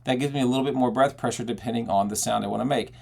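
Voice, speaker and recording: A man teaching belting technique, talking casually and breaking into loud belted "hey" and vowel demonstrations. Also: medium pitch, steady tone, rapid-fire, gravelly. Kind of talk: vocal technique lesson with sung demonstrations.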